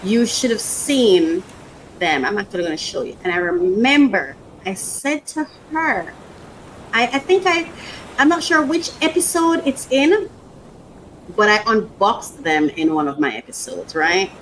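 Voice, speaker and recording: A woman's voice: medium pitch, very animated, a little slow, slight background noise, low-quality recording. A woman hosting a casual unboxing vlog, rambling, emotional and repeating herself. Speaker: podcast host.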